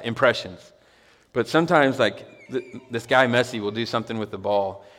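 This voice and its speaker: A male pastor with a lowish, fairly bright voice preaches a sermon to his congregation in a church hall, and a long reverb tail trails his words. He starts out conversational and builds to emphatic, repeated exclamations.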